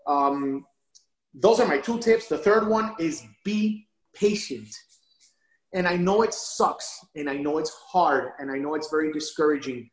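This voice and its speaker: A man speaking as a guest in a casual conversation, talking in an animated way and laughing often as he tells stories. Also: fairly high pitch. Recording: roomy echo.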